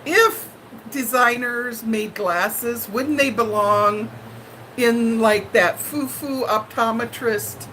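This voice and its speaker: A woman hosting a live stream, telling viewers a story in a dramatic, animated way and laughing often. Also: on the high side, slow pace, slight background noise, low-quality recording.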